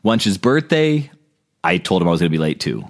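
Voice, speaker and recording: A man's voice: low-pitched, big pitch swings, brisk. A man co-hosting a casual chat at home, easygoing, laughing often and restarting his sentences. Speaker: podcast co-host. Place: room at home.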